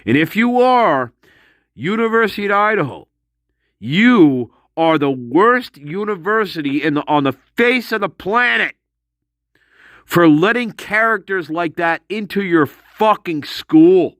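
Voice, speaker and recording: A man's voice: high voice, expressive, unhurried, fairly bright tone, no room sound, clean studio sound. A man delivering an angry, profane monologue, mocking someone with scornful laughs. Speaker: commentator.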